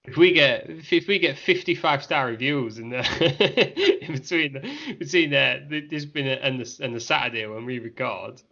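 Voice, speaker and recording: A man's voice: medium pitch, moderate pace, few pauses, bright, forceful tone. Guy hosting a podcast, laughs a lot, bit tipsy, rambly, muffled lo-fi audio. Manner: laughs often, rambling with restarts. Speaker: podcast host. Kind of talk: casual chat.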